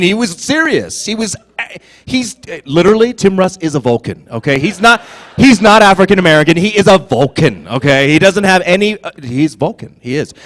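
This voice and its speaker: A man in his forties, a guest on a convention panel, telling stories in an animated way and breaking into loud mock voices. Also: on the high side. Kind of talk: storytelling on a panel stage. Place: convention hall stage.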